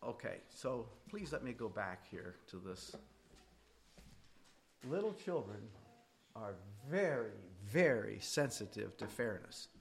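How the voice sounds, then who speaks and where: Lively, conversational man teaching a class. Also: fairly low pitch, slow, gravelly, a little hiss or hum. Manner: conversational, asks students directly, voice rises and drops widely.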